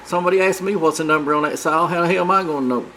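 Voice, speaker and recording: A man's voice: on the high side, racing, sharp tone, slight background noise, low-quality recording. A man doing a brash, crude monkey puppet. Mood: rambling. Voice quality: drawling, crude, boastful, rambling. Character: brash foul-mouthed male monkey puppet, cocky. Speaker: show's comic host. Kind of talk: comic puppet banter.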